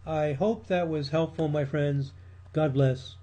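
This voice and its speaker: A man giving a measured recorded lecture on research practice, pausing with frequent ums and small restarts, his voice a little strained. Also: a little high, fairly even intonation, warm tone. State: losing his voice.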